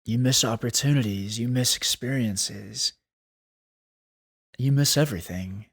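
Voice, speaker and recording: A man hosting a solo podcast, talking in an earnest, thoughtful way and slowing down to stress key points. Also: medium pitch, husky. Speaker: podcast host. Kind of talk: reflective solo podcast talk.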